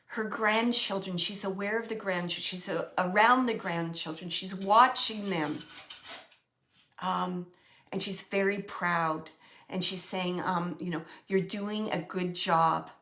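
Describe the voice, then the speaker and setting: A woman giving a spiritual reading as a medium, gently relaying messages and pausing often to search for words. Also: medium pitch. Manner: halting, searching for words, many pauses and fillers. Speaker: psychic medium.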